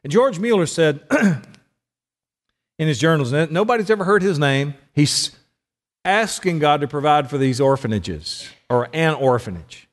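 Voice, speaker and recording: A man's voice: a little high, lively intonation, a little slow. Man preaching in an echoing hall. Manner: conversational, asks the audience questions. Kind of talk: sermon.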